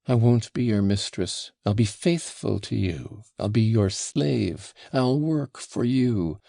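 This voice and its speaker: A man's voice: on the low side, gravelly, mellow, breathy edge, no room sound, clean studio sound, full character voice. A man reading an audiobook and voicing an impulsive young woman who pleads and commands by turns, breathless and imploring. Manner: breathless, imploring, swinging between giddy and faint.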